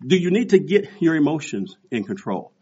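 Animated husky preacher in his sixties. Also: a little high, a little fast. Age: 60s. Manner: storytelling with animated quoted voices. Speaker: pastor. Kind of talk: sermon. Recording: dull lo-fi recording.

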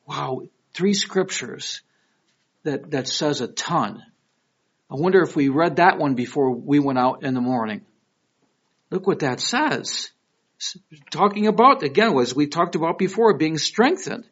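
Detroit-accented pastor, slightly high voice. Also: male voice, measured pace, husky. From Michigan. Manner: conversational, storytelling with lively quoted voices. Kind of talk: sermon. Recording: dull lo-fi recording.

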